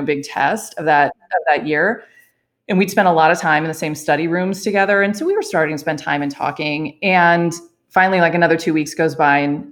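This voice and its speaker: A young woman tells a personal story in a relaxed, chatty way, her voice sitting a little low for a woman. She laughs often and acts out the lines people said. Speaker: physician telling her story.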